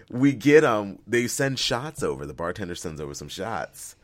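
A man co-hosting a film podcast, telling a lively story and laughing often in casual chat. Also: on the low side, unhurried, crowd noise. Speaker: podcast co-host.

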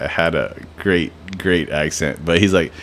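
Low-pitched and a bit bright, the young host speaks a little slowly as he rambles through profane stories on his casual podcast, leaning heavily on fillers.

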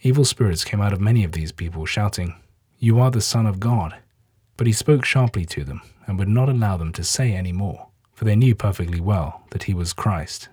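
Brief: male narrator for scripture audiobook, dark mellow tone, dry close sound. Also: deep voice, husky, no echo. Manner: steady, measured reading. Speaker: scripture reader.

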